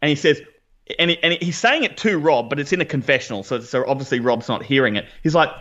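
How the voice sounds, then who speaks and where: A man co-hosting a podcast in casual chat, enthusiastic, quick, with frequent restarts. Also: mid-range voice, a bit bright, lo-fi sound. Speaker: podcast co-host.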